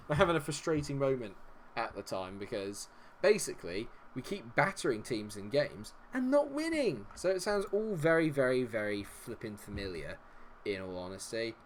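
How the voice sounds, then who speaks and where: A man's voice: mid-range voice, big pitch swings, moderate pace, slight background noise. A man giving live commentary on a football management game, frustrated and sarcastic, swearing often. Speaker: gaming streamer.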